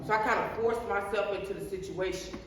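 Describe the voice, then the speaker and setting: A woman's voice: medium pitch, fairly quick. A middle-aged woman giving an earnest personal testimony, telling her story with repeated words and frequent restarts. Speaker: guest sharing life story. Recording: echoey hall, distant mic, faint noise.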